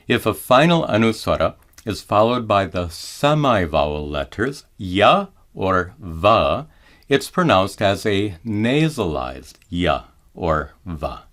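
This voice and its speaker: A man teaching Vedic pronunciation in a measured, scripted lesson, chanting his examples slowly and drawn out. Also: sits low, fairly bright tone. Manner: slow and deliberate, chants examples in drawn-out tones.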